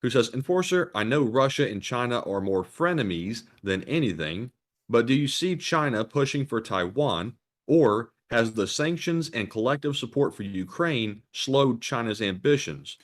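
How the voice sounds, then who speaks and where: A man co-hosting a live stream, reading out viewer donations and questions in a plain, steady way. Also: medium pitch, moderate pace. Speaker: co-host reading super chats.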